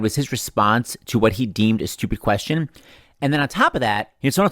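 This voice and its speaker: A man's voice: mid-range voice, quick pace, no echo, studio quality. A man hosting a podcast, chatting casually and telling jokey stories. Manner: animated, jokey storytelling. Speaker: podcast host. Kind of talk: casual chat.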